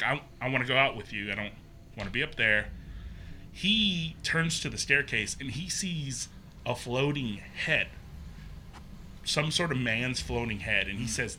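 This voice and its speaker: A young man casually telling a ghost story, animated and acting out the quotes. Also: slight background noise. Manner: animated, acts out quotes with pitch jumps.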